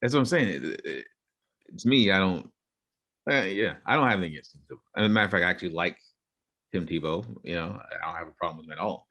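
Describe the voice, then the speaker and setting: A man's voice: deep voice, animated, fast talker, pushed and bright. A young man co-hosting a casual podcast, arguing his points and laying out theories, often repeating himself. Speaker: podcast co-host.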